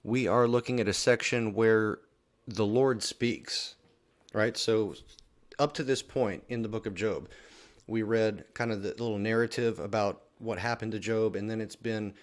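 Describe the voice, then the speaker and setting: A man's voice: on the low side, measured pace. A man hosting a daily Bible reading video, talking through the scripture casually and often checking in with a questioning "right?". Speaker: Bible reading plan host.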